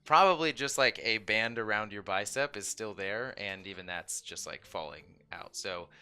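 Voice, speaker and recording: A man narrating as dungeon master of a home tabletop game, telling the scene in a relaxed way with many fillers. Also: on the low side, moderate pace, clear, resonant tone.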